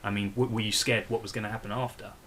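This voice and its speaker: A man's voice: on the low side, level tone, quick pace, fairly bright tone. Giggly, enthusiastic male interviewer. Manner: giggly, enthusiastic, stumbling over his questions. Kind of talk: casual interview.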